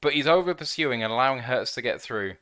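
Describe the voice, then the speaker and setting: A man hosting a live fan watch-along, commenting on the game play by play and getting loud and excited at big plays. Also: mid-range voice, quick pace, clear, resonant tone. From United Kingdom. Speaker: fan podcast host.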